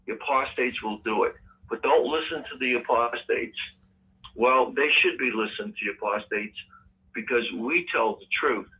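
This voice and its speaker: A man's voice: medium pitch, moderate pace. A man co-hosting a call-in show who argues his points emphatically. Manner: emphatic, argumentative. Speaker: co-host. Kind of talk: casual call-in radio talk. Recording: tinny phone line.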